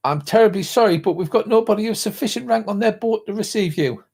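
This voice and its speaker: A man's voice: high voice, quick pace, creaky, a little mellow, slightly rough, voice pushed up, heavily acted. A man voicing a stiffly polite male ship officer, prim and apologetic. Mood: politely firm.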